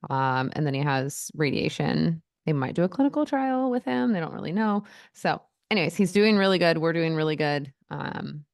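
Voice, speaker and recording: A woman's voice: low voice, expressive, moderate pace, few pauses, no room sound, studio quality. A woman co-hosting a podcast in casual chat, talking openly with frequent "like" and "um" fillers. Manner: chatty and open, with frequent "like" and "um" fillers. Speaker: podcast co-host.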